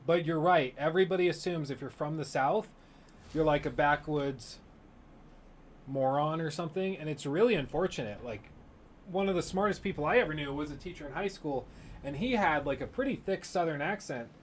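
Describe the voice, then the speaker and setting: A man hosting a livestream, chatting casually with a joking, animated manner. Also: on the high side, a little fast, a little hiss or hum. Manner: joking, animated, puts on mock accents. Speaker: streamer host. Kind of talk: casual chat.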